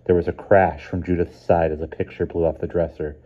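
A man reading a children's novel aloud in a calm, even narrating voice. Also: low-pitched, brisk, dull audio. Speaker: reader. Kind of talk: storybook narration.

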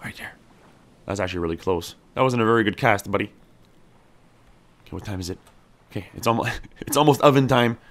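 A man giving casual gameplay commentary. His pitch swings widely, jumping up high when the game excites him and dropping low when he mutters to himself. He talks to his character like a buddy. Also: brisk, long pauses. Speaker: gameplay streamer. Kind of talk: casual let's-play commentary.

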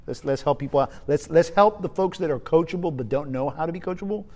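A man giving a spoken leadership lesson, energetic and emphatic, often repeating his key points. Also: on the high side, quick pace. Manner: energetic, emphatic, uses repetition. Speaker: leadership trainer.

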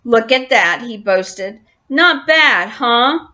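A woman's voice: a little high, lively intonation, slow, sharp tone, exaggerated voice. Woman doing a bossy stingy old grandfather mouse. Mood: boastful. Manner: blustering, commanding.

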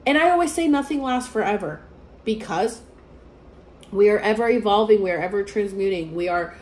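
A young woman telling a story in a casual vlog, rambling and animated with lots of fillers. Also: mid-range voice, normal speed. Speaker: vlogger. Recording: echoey room with faint ambience.

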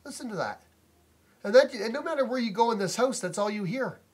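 This vlogger's high voice is brisk and a bit rough, with lively intonation, as he unloads an angry, profanity-laced rant about his noisy neighbor. Filmed indoors at home on a phone or camera mic, he keeps repeating himself in indignation.

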